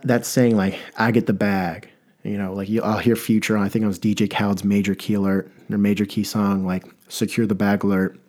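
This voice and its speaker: A young man with a fairly low voice tells a comic story. He rambles in a deadpan way and trips over his words with lots of restarts. The telling is loose and unhurried.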